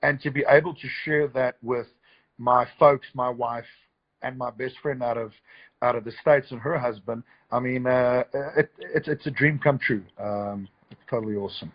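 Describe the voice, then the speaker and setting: A man's voice: medium pitch, steady tone, normal speed, slightly rough, dull audio. A man, a filmmaker guest, chatting enthusiastically on a live stream, joking and restarting his sentences often. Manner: enthusiastic, rambling, jokey with many restarts. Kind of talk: casual live-stream chat.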